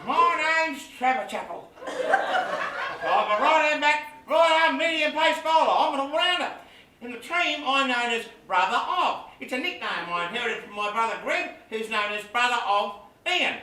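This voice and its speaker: A man's voice: very high voice, expressive, normal speed, exaggerated voice. A man playing an eager, overlooked younger-brother cricketer, speaking, chirpy and earnest. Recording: echoey live stage, distant mic, loud noise.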